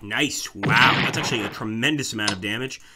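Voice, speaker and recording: A let's play host offers casual commentary over a strategy game, thinking through his moves out loud and calling his viewers guys. His voice is on the low side and brisk, and there's loud background noise.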